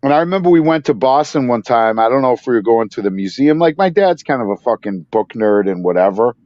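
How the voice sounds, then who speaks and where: A man in casual podcast chat, swearing freely and getting loud when worked up, on a dull, dry recording. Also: mid-range voice, expressive, quick pace, dry recording.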